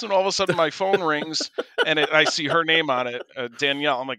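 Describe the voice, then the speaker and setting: A man's voice: fairly high pitch, fast talker, vocal fry, no echo. A man co-hosting a podcast, telling a story casually and animatedly, acting out the people he quotes. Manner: animated, acts out quoted voices. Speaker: podcast co-host.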